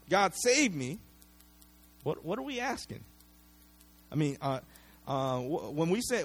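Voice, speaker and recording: A man with a high voice preaches a sermon to his congregation. He talks in a loose, conversational way, stumbles over and repeats words, and keeps checking in with "right?". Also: very animated, measured pace, slightly rough. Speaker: pastor.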